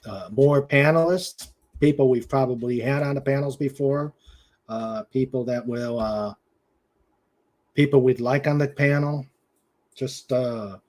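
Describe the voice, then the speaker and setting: A man with a New England accent hosting a casual web show, telling jokes and laughing often. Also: medium pitch. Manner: joking, unhurried, laughs often. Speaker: host.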